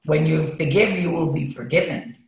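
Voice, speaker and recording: A woman's voice: sits low, normal speed, creaky. A woman guest talking candidly and emotionally, rambling as she shares her feelings in an interview. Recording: echoey room.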